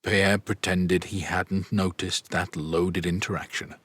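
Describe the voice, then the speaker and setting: A man narrating a fantasy audiobook in a steady, even storytelling manner. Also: deep voice, a little slow, few pauses, no room sound. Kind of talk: scripted narration.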